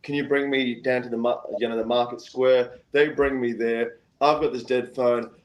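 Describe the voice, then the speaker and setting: A man's voice: normal speed, muffled recording. A man, a guest singer-songwriter, telling a long story in casual chat. He jumps into quoted voices and keeps circling back with "anyway". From Australia. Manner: animated, acts out quoted voices with big pitch jumps, keeps saying "anyway".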